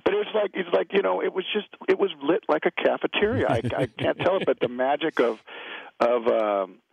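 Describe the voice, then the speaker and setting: Gravelly man, middle-aged, from California, rambling laid-back storyteller, dull lo-fi radio sound. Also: a little high, fairly quick, no room sound. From California, USA. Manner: laid-back, rambling anecdotes with many restarts. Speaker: guest actor.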